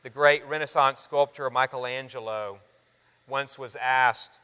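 A man's voice: mid-range voice, fairly even intonation, unhurried, smooth. Earnest preacher man in a big reverberant hall. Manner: earnest, swinging between loud emphasis and soft near-hushed lines; addresses the congregation as friends. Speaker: pastor. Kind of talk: sermon. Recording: long reverb of a large hall.

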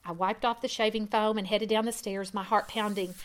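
A woman reading a first-person testimony aloud in an earnest way, growing louder at dramatic moments. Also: mid-range voice, steady tone, brisk. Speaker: reader.

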